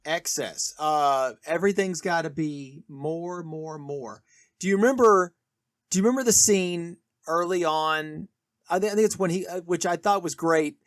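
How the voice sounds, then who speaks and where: This podcast co-host, a man with a fairly high voice, talks at a moderate pace about a film, keen to share trivia. It's a chatty, animated retelling captured in clean studio sound without echo.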